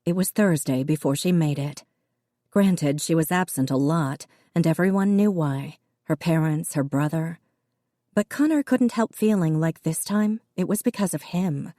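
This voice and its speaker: Low, dark woman audiobook narrator. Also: moderate pace, no room sound, clean studio sound. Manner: steady storytelling with character voices.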